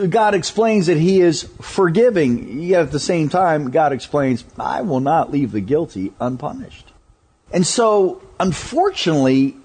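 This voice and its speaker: Male preacher, slow and emphatic sermon delivery, lively intonation. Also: a little high, husky. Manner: emphatic, rhetorical questions, slow deliberate delivery.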